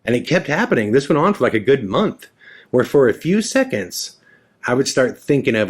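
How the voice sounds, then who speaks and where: A man's voice: mid-range voice, lively intonation, normal speed. A man in his forties hosting a podcast, telling a candid personal story in a frank, rambling way and swearing freely. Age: 40s. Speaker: podcast host.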